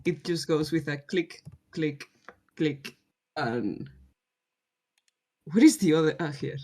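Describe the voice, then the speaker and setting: A tabletop role-play player describing their character's actions in a halting, unhurried way, laughing often. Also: medium pitch, animated, warm tone.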